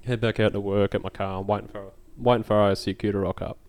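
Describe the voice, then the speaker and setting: A man's voice: lowish voice, little pitch movement, quick pace, a little mellow. A young man with an Australian accent, hosting a podcast and telling an anecdote in casual, slangy, swearing chat. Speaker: podcast host.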